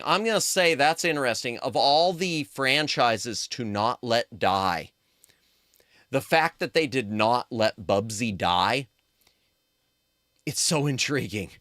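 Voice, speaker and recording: Guy streaming and rambling to chat, really animated, bright tone. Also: mid-range voice, dry recording, studio quality. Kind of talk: casual chat with viewers.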